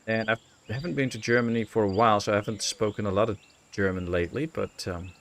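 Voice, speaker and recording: A man's voice: fairly low pitch, fast talker, a little hiss or hum. Dutch man chatting through a game stream. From Netherlands. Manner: relaxed, musing, thinking aloud with many fillers. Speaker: gaming streamer. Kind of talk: casual live-stream commentary while chatting with viewers.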